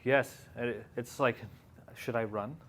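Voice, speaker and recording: A man's voice: medium pitch, steady tone, slow, a bit bright. A man teaching an evening language class in a classroom, chatty and joking, laughing often. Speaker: Hebrew teacher.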